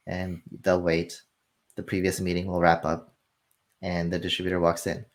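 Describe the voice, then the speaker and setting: Low-voiced man telling lively anecdotes. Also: a little fast. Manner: animated storytelling, acts out dialogue. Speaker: film industry guest. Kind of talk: casual conversational explanation.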